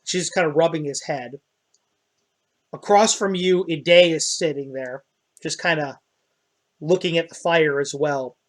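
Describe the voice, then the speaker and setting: A man running a tabletop game as dungeon master, describing scenes in a relaxed way with hesitant fillers. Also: fairly high pitch, measured pace, pauses often.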